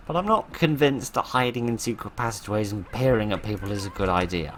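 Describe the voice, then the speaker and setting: A man's voice: on the low side, a little fast, fairly bright tone, slight background noise. A man giving casual, wry commentary while playing a game, full of sarcastic asides. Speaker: let's play host.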